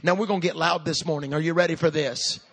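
A man in his fifties, a pastor preaching a sermon with energy and humor, building up to loud calls to his church. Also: on the high side, fairly even intonation, fast, gravelly, husky.

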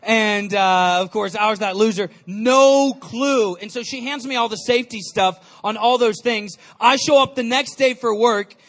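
A man giving an energetic storytelling sermon to a live audience, chatty and calling out questions to the crowd. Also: high-pitched, unhurried, hardly any pauses. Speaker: youth speaker.

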